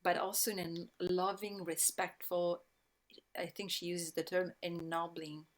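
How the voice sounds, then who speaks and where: Reflective Italian-accented woman, halting speech. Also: fairly low pitch, fairly even intonation. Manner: reflective, many pauses and restarts. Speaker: guest speaker. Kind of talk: thoughtful conversational talk.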